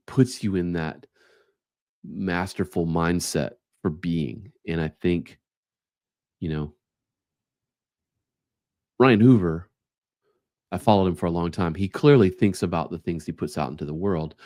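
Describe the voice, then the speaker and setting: Deep-voiced man musing on a solo podcast. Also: a little mellow, dry recording, studio quality. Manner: reflective, reads quotes aloud then riffs on them. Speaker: podcast host. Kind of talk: casual solo podcast monologue.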